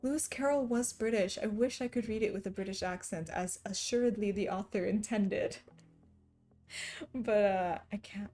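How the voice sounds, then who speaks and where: A woman's voice: medium pitch, moderate pace, mellow. A young woman chatting casually on a live stream, answering her chat and laughing often between remarks. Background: faint background music.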